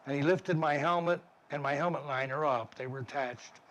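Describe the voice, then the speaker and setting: A man's voice: on the high side, normal speed, fairly bright tone. An older man, an army veteran, recounting his war memories in a vivid, plainspoken way with frequent restarts. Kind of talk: war memoir storytelling.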